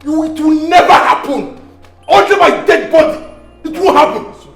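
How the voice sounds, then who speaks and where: A woman's voice: sits high, normal speed, vocal fry, soft background music. An actress with a Nigerian accent playing a spoiled, extravagant young princess who raises her voice in indignant insults. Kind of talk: film acting.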